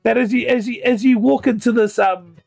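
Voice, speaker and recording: High, gravelly game master man. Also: fairly even intonation, brisk, darkish tone, faint music behind. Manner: hesitant, many ums and restarts. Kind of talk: narrating a tabletop game.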